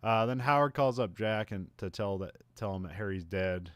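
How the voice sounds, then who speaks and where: A man's voice: lowish voice, moderate pace, a bit bright, smooth, dry recording, studio quality. A man co-hosting a podcast, casually recapping a movie, laughing often and rambling with lots of fillers. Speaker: podcast co-host.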